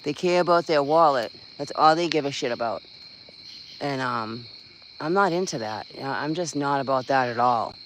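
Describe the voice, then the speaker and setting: A man's voice: medium pitch, normal speed, a bit bright, a little hiss or hum, poor audio. A man chatting casually on a livestream, venting bluntly, swearing freely and rambling with lots of fillers. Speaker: livestream host. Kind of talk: casual live-stream chat.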